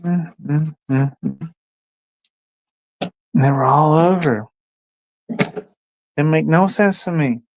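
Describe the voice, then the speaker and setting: A man's voice: fairly high pitch, slow pace, pauses often, no echo. Rambling man hosting a livestream. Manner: rambling, talks to his dog between thoughts. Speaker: livestream host. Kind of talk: casual livestream chat.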